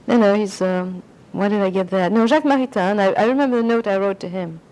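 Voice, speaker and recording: A woman's voice: mid-range voice, fast, darkish tone, low-quality recording. An older woman being interviewed, reminiscing in a rambling way and slipping into French phrases. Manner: rambling, anecdotal, slips into French.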